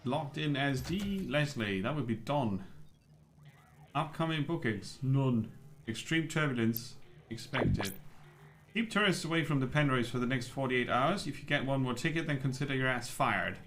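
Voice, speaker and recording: A man's voice: medium pitch, lively intonation, moderate pace, background noise. A man streaming a game, chatting casually and reading in-game text aloud. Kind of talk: casual gameplay commentary.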